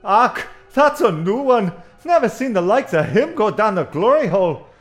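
A man's voice: high-pitched, big pitch swings, moderate pace, soft background music. A man playing a bossy mine foreman, barking orders at his workers. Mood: gruff. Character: gruff male mine foreman.

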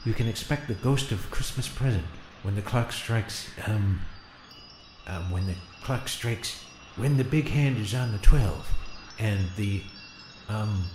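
A man's voice: lowish voice, echoey room, noisy background, natural voice. A man voicing a sleepy, doddering former president cast as a ghost, rambling and losing his place with many ums. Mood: drowsy. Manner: rambling, forgetful, halting with many fillers. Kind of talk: radio comedy sketch.

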